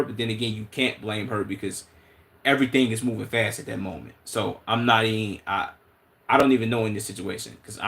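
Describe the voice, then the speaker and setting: Male streamer, Chicago accent, lowish voice, loose slangy commentary that thinks out loud. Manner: relaxed, thinking aloud with slang and restarts. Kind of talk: casual live-stream commentary.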